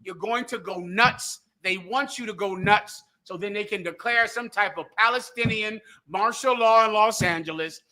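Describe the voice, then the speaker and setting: High bright-voiced indignant man. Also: moderate pace, hardly any pauses. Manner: emphatic, indignant, rhetorical. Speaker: show co-host. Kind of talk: heated political commentary.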